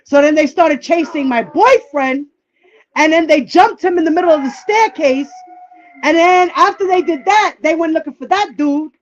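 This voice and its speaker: A woman's voice: sits high, normal speed, lo-fi sound. A woman telling a personal story in a casual, candid and profane way, often acting out what people said. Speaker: livestream guest.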